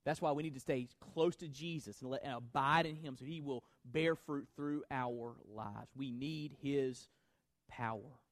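A man's voice: mid-range voice, measured pace, no echo. A male pastor preaching a sermon to his congregation, building emphasis and speaking directly to the listeners.

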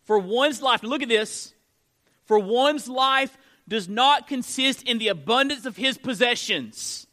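A middle-aged man pastor preaching a sermon, emphatic and swinging between loud declarations and hushed low lines. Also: measured pace.

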